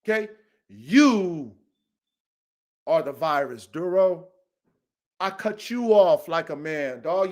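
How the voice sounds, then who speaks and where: High-voiced man ranting angrily. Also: expressive, slow, long pauses. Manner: profane, repetitive, confrontational. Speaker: dog trainer and show host. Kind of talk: heated podcast rant.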